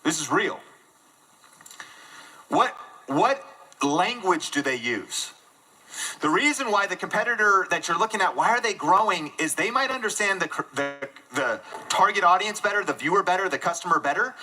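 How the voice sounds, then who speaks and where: A man giving an energetic live keynote talk to an audience in a room, joking at his own expense. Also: sits high, normal speed, poor audio. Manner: energetic and self-deprecating, jokes with the audience. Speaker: conference speaker.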